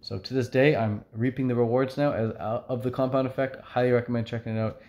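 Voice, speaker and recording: A man's voice: mid-range voice, steady tone, quick pace, darkish tone, dull audio. A man vlogging casually to camera, chatty and upbeat, with frequent fillers. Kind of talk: casual talking-to-camera vlog.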